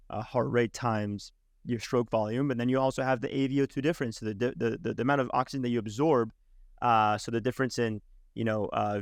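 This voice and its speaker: A man hosting a podcast interview, his voice at a middling pitch and full of fillers and restarts as he works through his questions. The sound is dry and close. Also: dry recording. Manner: hesitant, with many restarts and fillers. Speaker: podcast host. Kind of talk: conversational interview.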